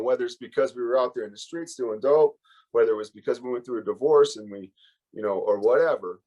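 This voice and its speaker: A man's voice: medium pitch, darkish tone, dull audio. A man giving a candid, emotional personal recovery share as a workshop speaker, rambling and full of fillers.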